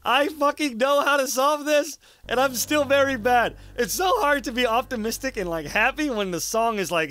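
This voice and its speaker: A man's voice: very high voice, expressive, normal speed, hardly any pauses, bright, forceful tone. A young man casually commenting on his gameplay, cursing and mocking himself. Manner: casual, swearing, self-mocking, laughs often. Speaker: let's play host.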